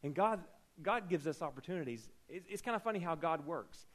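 A man's voice: a little high, lively intonation, a little fast, a bit bright, rough recording. A man preaching a sermon, telling a personal story with humorous asides and acting out the dialogue.

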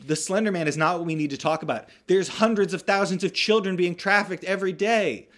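A man voicing a teenage girl who has become an emphatic conspiracy ranter, raised and loud. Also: high voice, a little fast, pitched above the performer's own voice. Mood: preachy. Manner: emphatic, preachy.

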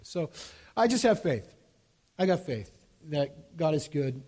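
A fairly high-voiced man in his fifties preaching a sermon as a pastor. He tells a personal story in an earnest, halting way, stumbling over restarts, and often drops to a soft, hushed tone. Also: big pitch swings. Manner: grows quiet and hushed as the story turns tender.

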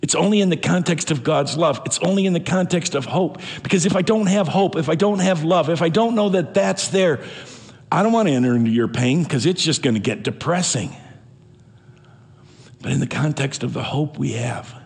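A man's voice: a little high, moderate pace, creaky, a little mellow, in a large hall. A man preaching a sermon as pastor, earnest and emphatic, often restarting his phrases.

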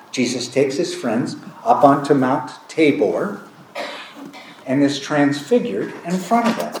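A man's voice: mid-range voice, a little mellow, a little hiss or hum. A man preaching a sermon as a pastor, speaking in a conversational, storytelling way and acting out dialogue. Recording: echoey room.

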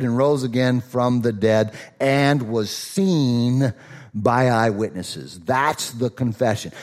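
A man's voice: on the low side, a little mellow. A middle-aged man from Minnesota with a slight Southern accent, preaching a conversational sermon as a pastor, with casual asides and a voice that rises on emphatic points.

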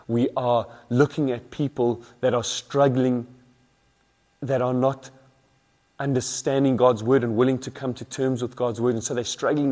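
A man's voice: mid-range voice, darkish tone. A man preaching an earnest sermon as a pastor, building emphasis through repeated phrases.

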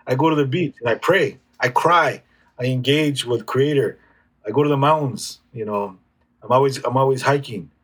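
A man speaking as an interview guest, reflective and halting, with frequent restarts. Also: medium pitch, fairly bright tone, breathy edge. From United States. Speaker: guest healer. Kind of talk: casual conversational interview.

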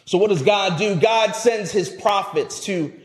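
A male pastor preaching a sermon, emphatic, rising to loud peaks and dropping low at phrase ends, often repeating words as he restarts. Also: a little slow, faint music behind. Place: church sanctuary. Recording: echoey church sanctuary.

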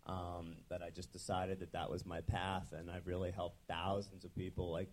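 Deep-voiced man, casual and filler-heavy. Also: little pitch movement, normal speed, darkish tone. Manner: casual, frequent fillers and restarts. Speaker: chiropractor guest. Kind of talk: conversational interview.

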